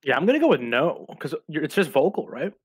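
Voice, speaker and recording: A man's voice: a little high, very animated, fast talker, a loud crowd. Chatty man at a tabletop game. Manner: chatty, rambling questions. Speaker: player. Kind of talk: casual tabletop banter.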